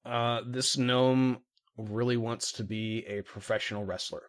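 Slow-talking man rambling through character backstories. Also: medium pitch, steady tone. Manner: rambling, hesitant, full of ums. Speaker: player. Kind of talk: casual tabletop game chat.

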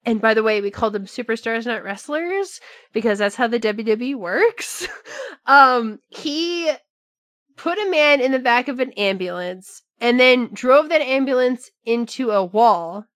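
A woman co-hosting a podcast, chatting casually in an animated, profane way with mocking asides. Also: a little high, measured pace, dry recording, studio quality. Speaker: podcast co-host. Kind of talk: casual chat.

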